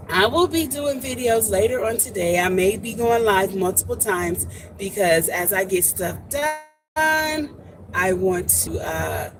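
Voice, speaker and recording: A woman chats on a livestream for her homesteading channel, animated and talkative, with a slow, unhurried delivery. Road and engine noise from a vehicle runs clearly behind her. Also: lowish voice. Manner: animated, chatty, greets viewers by name. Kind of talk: casual livestream chat.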